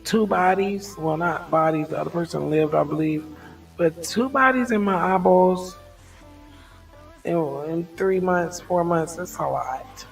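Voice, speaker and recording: A woman vlogger speaks in a frank, rambling monologue, often laughing things off to ease stress. Her voice is gravelly with a fair amount of fry. She sits some way from the mic, with faint music in the background. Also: fairly low pitch, measured pace, distant mic, poor audio. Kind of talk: candid reflective monologue.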